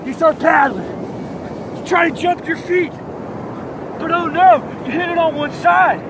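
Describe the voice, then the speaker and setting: A man doing a comedic surfer monologue, rambling in surfer-bro slang and acting out his story with loud sound effects and yells. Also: very high voice, moderate pace, background noise. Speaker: comedic host. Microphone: phone.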